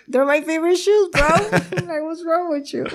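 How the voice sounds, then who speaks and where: A woman telling animated stories in casual chat, switching between English and Spanish, swearing freely and often laughing. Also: very high-pitched, slow pace. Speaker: girlfriend telling stories about her partner.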